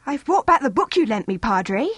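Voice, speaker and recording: A woman voicing a bold, nosy schoolgirl who talks in an eager, high, pushy way. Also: very animated, normal speed, fairly bright tone, husky, no room sound, heavily acted.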